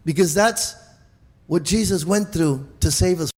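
A man's voice: fairly high pitch, measured pace, darkish tone, in a large hall. A man preaching a sermon in an emphatic, repetitive way, stumbling and restarting often. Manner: emphatic, repetitive, with many restarts and stammered repeats. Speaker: pastor.

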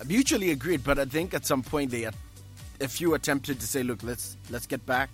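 Relaxed male radio host chatting. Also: medium pitch, moderate pace, soft background music. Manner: relaxed, many fillers. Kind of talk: casual chat.

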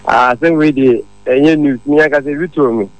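A man's voice: mid-range voice, fairly even intonation, normal speed, dry recording, low-quality recording. A man calling in to a radio show and telling a long, rambling story. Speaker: caller. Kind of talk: phone-in chat.

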